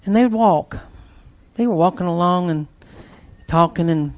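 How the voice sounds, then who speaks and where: High-voiced man preaching animatedly. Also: normal speed. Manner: animated, swings from loud bursts to hushed near-whispers. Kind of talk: storytelling sermon.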